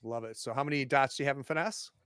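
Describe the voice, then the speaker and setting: A man narrating a tabletop game as game master, animated and laughing often. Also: medium pitch, racing, clean tone, dry recording, clean studio sound.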